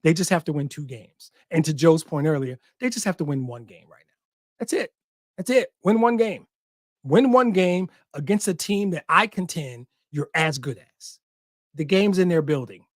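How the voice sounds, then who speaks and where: A man's voice: a little high, lively intonation, normal speed, no room sound, studio quality. A man hosting a sports podcast, talking emphatically and repeating short punchy lines, with an occasional curse. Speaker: podcast host. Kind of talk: passionate sports talk.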